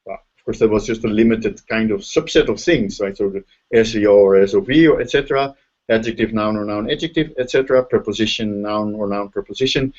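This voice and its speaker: A man's voice: on the low side, fairly quick, darkish tone. A man with a Dutch accent, a linguistics professor who explains ideas step by step over a video call and often checks in with "right?". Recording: dull lo-fi video call audio.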